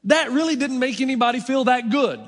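The long, echoing reverb of a church sanctuary surrounds a middle-aged male pastor as he preaches briskly in a strikingly high voice. He keeps things conversational, teasing himself between his points.

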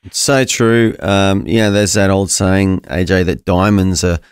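Man co-host, low smooth voice, calm reflective faith talk. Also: a little slow, no echo, studio quality. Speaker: radio co-host. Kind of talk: Christian radio chat.

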